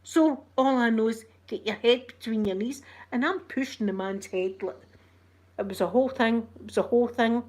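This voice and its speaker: A woman's voice: fairly high pitch, moderate pace, darkish tone. A middle-aged Scottish woman hosting a casual livestream, telling a story animatedly and acting out what people said. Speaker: channel host.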